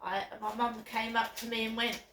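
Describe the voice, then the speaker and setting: A woman's voice: a little high, little pitch movement, moderate pace, a bit bright, distant mic. A woman filming a personal vlog on her phone, talking in an upset, insistent and repetitive way. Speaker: vlogger. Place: outdoors by her flats. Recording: echoey, off-mic with faint background noise.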